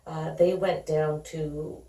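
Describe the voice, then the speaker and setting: A woman's voice: low-pitched, fairly even intonation, slow, dark tone. Middle-aged mother recounting family stories. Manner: conversational, reenacts dialogue. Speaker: guest. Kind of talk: candid personal storytelling. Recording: roomy sound, distant from the mic.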